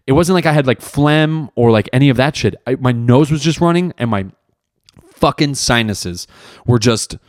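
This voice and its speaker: A man's voice: medium pitch, moderate pace, no echo, clean studio sound. A young man hosting a solo podcast, talking in a rambling, profane, self-mocking way. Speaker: podcast host. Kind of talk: casual solo podcast monologue.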